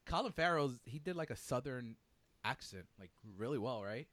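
A man's voice: medium pitch, animated, normal speed, fairly bright tone, dry recording. A young man hosting a casual movie chat, rambling and interrupting himself. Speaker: podcast host.

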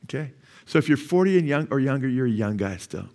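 A man's voice: mid-range voice, animated, quick pace, a little mellow. A man of sixty, a pastor, preaching a sermon at a church service. He keeps asking the congregation questions, waits for them to answer, and repeats key phrases for emphasis. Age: 60s.

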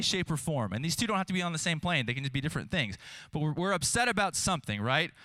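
Lively man preaching a casual sermon. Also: fairly high pitch, no echo. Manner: conversational, animated, self-deprecating; frequent asides asking the audience "right?". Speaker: pastor. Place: church hall with live audience.

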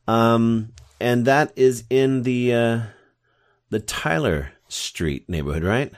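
A man's voice: mid-range voice, slow pace, no room sound, clean studio sound. A man hosting a podcast, chatting in a rambling, enthusiastic way. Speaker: podcast host. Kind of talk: casual interview chat.

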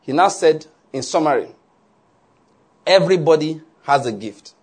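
A man preaches with a slightly high, husky voice. His delivery is animated and keeps checking that the congregation follows along. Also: moderate pace. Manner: animated preaching, asks "are you getting my point?" often. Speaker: pastor. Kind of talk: sermon.

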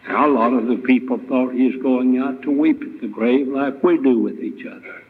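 A man's voice: medium pitch, normal speed, slightly rough. A man preaching a sermon as guest speaker, retelling scripture with emphatic rhetorical questions. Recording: tinny, phone-like lo-fi recording.

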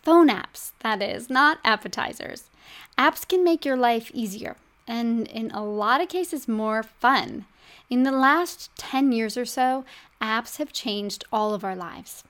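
A woman's voice: fairly high pitch, expressive, slow, fairly bright tone. A middle-aged woman hosting a podcast as a health coach, talking to the listener in a chatty, upbeat way. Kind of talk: scripted podcast monologue.

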